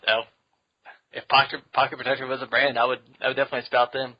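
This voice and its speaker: A man's voice: mid-range voice, level tone, fast, lo-fi sound. A man hosting a casual podcast, joking and rambling with frequent restarts. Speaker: podcast host.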